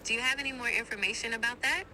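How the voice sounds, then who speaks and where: A woman's voice: fairly high pitch, steady tone, racing, bright, forceful tone, rough recording. A synthetic woman's voice of an AI assistant, chatting in an upbeat, friendly and polite way, played over a phone speaker. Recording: phone speaker with background noise.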